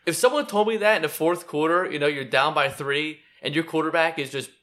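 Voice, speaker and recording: A man with a bright, crisp tone trades sports banter. He swears and slips into mocking impressions as he talks. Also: fairly high pitch, fairly quick. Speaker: podcast co-host. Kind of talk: casual sports chat.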